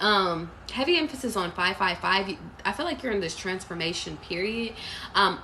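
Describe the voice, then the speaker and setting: A woman's voice: medium pitch, fairly bright tone, a little hiss or hum, rough recording. A woman giving a live tarot reading, talking casually and bluntly with plenty of profanity, passing on intuitive messages. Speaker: tarot reader.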